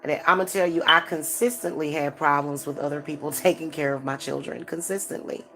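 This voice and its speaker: A woman's voice: sits low, fairly even intonation, brisk, pushed and bright, faint music behind. A middle-aged woman, talking frankly and casually to her viewers, with many restarts and fillers. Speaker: spiritual advisor and channel host.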